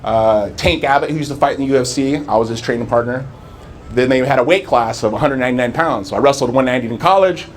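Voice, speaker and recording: Speaking before a live audience, a Southern California man in his forties earnestly recounts his life, performing the dialogue he remembers. He talks at a quick pace with a medium pitch, and there is slight background noise.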